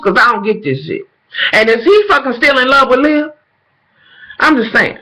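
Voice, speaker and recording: A high-pitched man gives a profane, animated recap of a TV episode. His voice is bright and forceful, and he talks with sassy flair, addressing his viewers as y'all in casual vlog chat. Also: moderate pace, rough recording.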